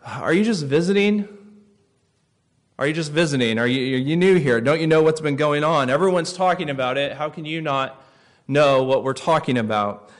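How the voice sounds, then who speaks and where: A man's voice: on the high side, moderate pace, close to an everyday voice. A man voicing a weary male traveler who fires off impatient questions. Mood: exasperated.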